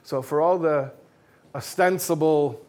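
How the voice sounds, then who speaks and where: A man giving a religious talk with jokes, speaking in a casual, self-mocking and energetic way. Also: fairly high pitch, unhurried.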